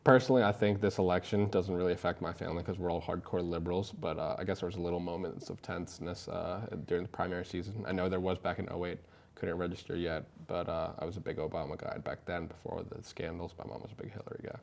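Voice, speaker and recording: Flat-voiced, fast young man. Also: low voice, gravelly. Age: young adult. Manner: opinionated, frequent "uh"s. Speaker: student panelist. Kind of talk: casual panel discussion.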